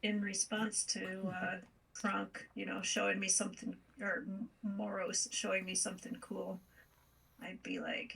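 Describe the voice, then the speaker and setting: A woman playing in a tabletop game, talking in a soft, somewhat hesitant way. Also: medium pitch, little pitch movement, a little slow, gravelly, slightly rough, far from the mic, rough recording. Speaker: player. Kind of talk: casual tabletop play.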